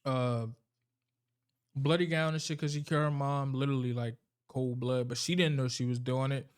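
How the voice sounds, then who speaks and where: A man's voice: mid-range voice, fairly even intonation, moderate pace, smooth. A man casually recapping a horror movie's plot, rambling and swearing freely as he talks. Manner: rambling, profane, loose storytelling.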